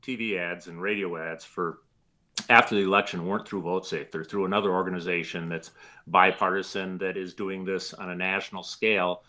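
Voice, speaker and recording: Brief: middle-aged guest from the upper midwest, low crisp voice, plainspoken and easygoing. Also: male voice. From Wisconsin. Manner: relaxed, plainspoken, with filler pauses. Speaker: guest, former state attorney general. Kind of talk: casual interview answers.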